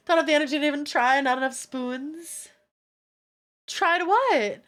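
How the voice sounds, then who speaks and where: A high-pitched woman streaming live and bantering with her chat. She teases and swears freely in a playful, crude way. Her voice comes through a streaming microphone. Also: lively intonation, moderate pace, fairly bright tone. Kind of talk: casual livestream chat.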